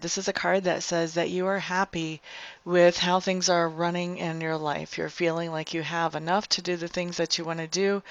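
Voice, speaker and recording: A woman's voice: on the low side, no echo, dull audio. A woman giving a chatty, blunt weekly tarot forecast as a tarot reader, mildly sarcastic at times.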